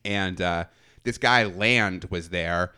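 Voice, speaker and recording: A man's voice: deep voice, slow pace, pushed and bright, clean tone. A man telling a self-mocking story from his college days in a casual chat, laughing often. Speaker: podcast storyteller.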